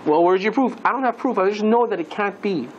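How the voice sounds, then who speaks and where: A man's voice: high voice, fairly quick, lo-fi sound, a little hiss or hum, natural voice. A man voicing an earnest young man who stammers and pleads as he insists on his belief. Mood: insistent.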